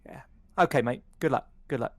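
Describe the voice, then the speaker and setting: A man's voice: medium pitch, brisk, no room sound, natural voice. A man voicing Fitz, a caring male crewmate in a sci-fi tabletop game, who checks on others in a friendly way, says "mate" and repeats himself. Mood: concerned.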